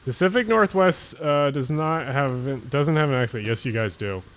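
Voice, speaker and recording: A man's voice: mid-range voice, normal speed. Rambling Jersey-accented man streaming. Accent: New Jersey/Philadelphia. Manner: rambling, mumbles words together, casual swearing. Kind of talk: casual late-night livestream chat.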